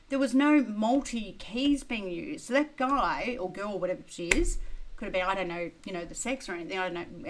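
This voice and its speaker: Older woman, crypto livestream host, casual, blunt, chatty, a touch weary, voice a little high. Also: low-quality recording. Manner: chatty and blunt, full of "you know" and "right?". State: tired and thirsty, drinking beer. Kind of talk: casual livestream chat reading viewer questions.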